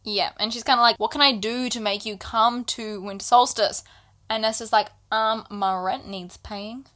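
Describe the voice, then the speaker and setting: This woman co-hosts a book podcast and speaks at a normal pace in a fairly high voice. In a casual conversation with a friend, she walks through the book's scenes, lively and voicing the characters' dialogue.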